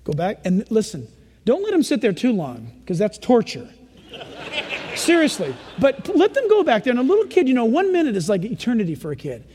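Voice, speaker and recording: A male pastor preaching a sermon in an animated style, acting out parents and children as he goes. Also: very high-pitched, brisk, slightly rough, long reverb tail.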